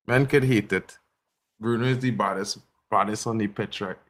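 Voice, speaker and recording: A man reacts live to a football match on a fan stream. He talks in loose slang and keeps up a running call of the play. At big chances his voice jumps into loud, high yells. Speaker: fan livestream host.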